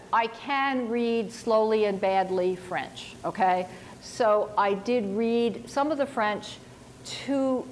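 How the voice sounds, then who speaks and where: With slight background noise, a mid-range female voice belongs to a novelist fielding audience questions in casual talk at a university seminar. She pokes fun at herself and performs the quotes she repeats, keeping it chatty.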